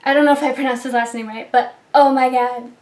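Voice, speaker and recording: Woman, high voice, gushing, enthusiastic, casual book review, echoey room. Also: fairly even intonation, fairly quick, a little mellow.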